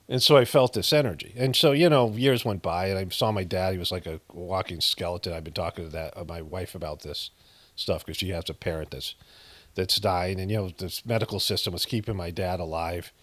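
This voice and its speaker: A man's voice: deep voice, a little fast, fairly bright tone, no echo. A middle-aged man casually telling a personal story, rambling with many fillers and restarts, frank and sometimes profane. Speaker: meditation practitioner telling a story.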